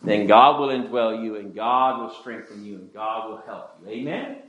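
Emphatic preacher in an echoey church. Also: male voice, on the low side, animated, normal speed, a bit bright, highs cut off. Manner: emphatic, call-and-response. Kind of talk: sermon.

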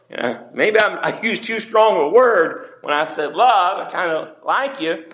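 A man's voice: sits high, animated, a little slow, hardly any pauses, fairly bright tone. A man preaching as a pastor in a church, talking in a conversational way and acting out the voices he quotes. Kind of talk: sermon.

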